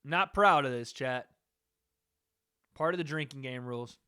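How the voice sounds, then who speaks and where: A man hosting a live stream, giving relaxed, rambling reaction commentary and talking to his chat. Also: mid-range voice, measured pace, clean tone, dry recording, studio quality.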